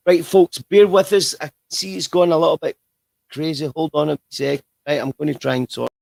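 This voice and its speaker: A man's voice: on the high side, steady tone, moderate pace, creaky, a little mellow, no echo. Chatty male livestream host. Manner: chatty, rambling with restarts. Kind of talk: livestream interview.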